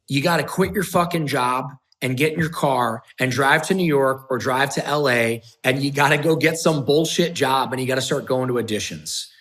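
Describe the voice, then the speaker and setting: Middle-aged male interview guest, slightly high voice, blunt and emphatic, swears a lot. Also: a bit bright. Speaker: podcast guest, entrepreneur. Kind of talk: candid storytelling.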